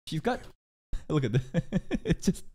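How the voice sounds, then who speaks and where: A man streaming live, commenting on an anime episode and talking to his chat. He swears constantly and swings from loud, excited yelling to low muttering. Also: unhurried, breathy edge. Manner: talks to chat viewers.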